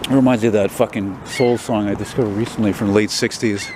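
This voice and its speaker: Walking down a noisy city street with a handheld camera, a vlogger talks fast in a fairly low voice with fairly even intonation. His talk is rambling and profane, full of wry side remarks.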